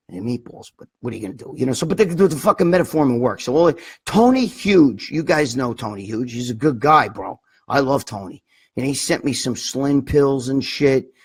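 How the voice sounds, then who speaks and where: A middle-aged New man with a husky, slightly raspy voice hosts a casual livestream chat. He rambles in a blunt, profane way, circling back to his points with plenty of filler and swearing. His pitch sits at an ordinary middle level for a man. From New York. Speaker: livestream host.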